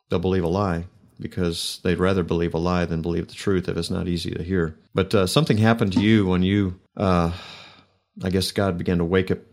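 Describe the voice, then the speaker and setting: A man hosting a faith talk show, speaking in a reflective, preacherly way with many pauses. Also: low-pitched, a little mellow. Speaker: host.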